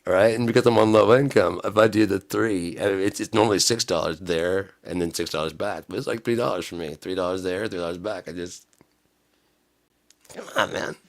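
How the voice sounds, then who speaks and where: A man with a low, deep voice tells a casual story to the camera. He acts out both sides of a conversation and breaks into laughter often. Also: brisk. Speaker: vlogger.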